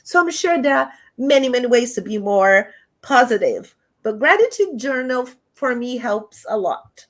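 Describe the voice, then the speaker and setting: A woman giving a lively spiritual talk over a video call, animated and often laughing, with big jumps in pitch. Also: moderate pace. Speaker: guest speaker.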